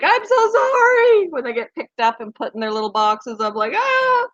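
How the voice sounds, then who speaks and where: A woman hosting a casual chat with her viewers, talking fast and laughing often. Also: medium pitch, a bit bright, dry recording. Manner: chatty, laughs often, baby talk to pets. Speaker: pet channel host. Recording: dry, slightly muffled home recording.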